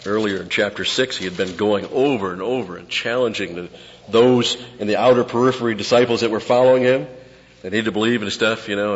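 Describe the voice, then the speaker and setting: Low-voiced man preaching in a reverberant hall. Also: fairly quick, dull audio. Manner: conversational teaching, drops to quiet asides. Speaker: pastor. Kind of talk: expository sermon.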